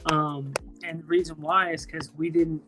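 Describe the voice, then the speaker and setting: A man chatting casually on a home live stream, loose and profane, full of slang and restarts, high from smoking weed. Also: little pitch movement, normal speed, music in the background. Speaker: streamer talking to chat. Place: at home, indoors.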